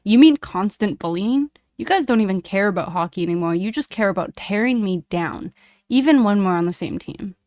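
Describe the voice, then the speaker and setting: A woman's voice: medium pitch, normal speed, no echo, close to an everyday voice. A woman voicing a young male hockey player who pleads and then snaps back in anger. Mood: angry.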